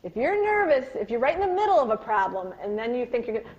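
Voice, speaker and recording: A woman giving a live parenting workshop talk to an audience, telling stories with animated, acted-out quotes. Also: on the high side, fast talker, few pauses. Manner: animated storytelling, acts out quoted voices.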